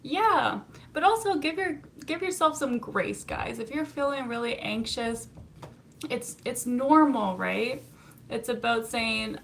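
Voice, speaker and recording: Brief: young woman therapist hosting a live stream, unhurried, a little gravelly, light hiss behind. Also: on the high side. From Canada. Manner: chatty, laughs often, reads viewer comments aloud. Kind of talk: casual live-stream chat.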